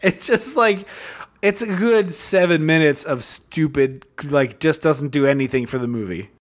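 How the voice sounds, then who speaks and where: A man's voice: a little high, unhurried. A man co-hosting a podcast in casual chat, rambling with lots of fillers and restarts. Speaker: podcast co-host. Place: hot room at home.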